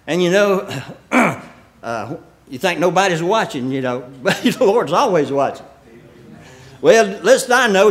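A man preaching a sermon, reading scripture slowly and explaining it in plain folksy talk, with frequent throat clearing and soft chuckles. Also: high voice.

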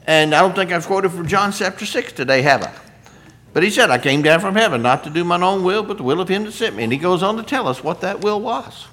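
A man's voice: high-pitched, sharp tone. A man preaching a sermon, rising to emphatic scripture quotes and asking the congregation questions.

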